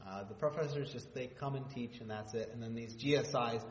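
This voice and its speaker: A man preaching a sermon in a relaxed, conversational way, with humorous asides and rhetorical questions. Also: medium pitch, a little fast. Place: church hall. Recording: dull sound with long hall reverb.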